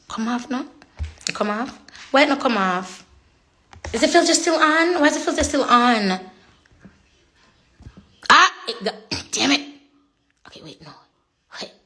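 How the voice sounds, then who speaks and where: A woman's voice: mid-range voice, sharp tone. A young woman chatting casually on a phone livestream, slipping into patois and laughing often. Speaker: social media personality.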